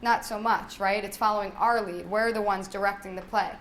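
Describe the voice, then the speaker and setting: A woman's voice: medium pitch, fairly even intonation, fairly quick, fairly bright tone, slight background noise. Woman speech therapist teaching parents. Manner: conversational, checks in with "right?", models child talk in a lilting singsong. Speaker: speech-language pathologist leading a parenting workshop. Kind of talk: live workshop talk to parents. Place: workshop room.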